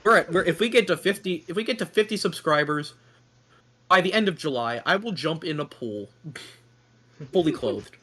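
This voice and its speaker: A man's voice: a little high, animated, moderate pace, long pauses, pushed and bright. A young man hosts a casual online podcast, joking around and rambling through questions in a self-deprecating way. He talks over a remote call mic. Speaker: podcast host.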